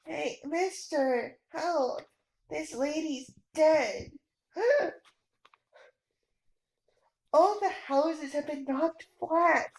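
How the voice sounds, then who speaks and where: A woman's voice: high voice, extremely slow, pauses often, echoey room, heavily acted, rough recording. A woman voicing a brave, stubborn young boy who talks in a blunt, urgent way.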